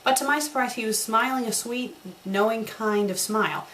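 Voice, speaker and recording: A woman's voice: fairly high pitch, normal speed, a bit bright, slight background noise, poor audio. A woman doing a comedic dramatic reading of a bad fan story, breaking off for sarcastic, mocking remarks. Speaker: fanfiction critic.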